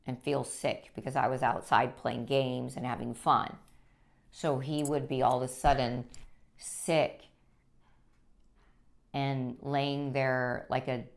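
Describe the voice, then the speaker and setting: Low-voiced woman giving earnest testimony. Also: gravelly. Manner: earnest, halting, with frequent restarts. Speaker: guest sharing her life story. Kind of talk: personal testimony.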